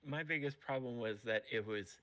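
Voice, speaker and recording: A man who is a voice-actor guest on a casual livestream chat, easygoing and quick to laugh, with a dry, sarcastic wit. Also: medium pitch, pushed and bright.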